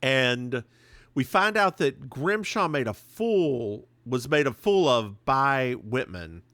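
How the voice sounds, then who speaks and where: A man's voice: medium pitch, lively intonation, slow, fairly bright tone, dry recording. A man co-hosting a podcast, chatting casually with sassy, campy banter while recapping an episode. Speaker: podcast co-host.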